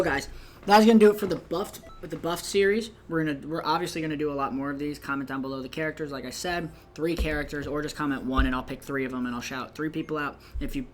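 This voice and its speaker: A man's voice: a little high, a little hiss or hum. A man talking over gameplay footage of a video game, rambling and correcting himself as he calls his viewers guys. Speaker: gaming YouTuber. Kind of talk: casual gameplay commentary.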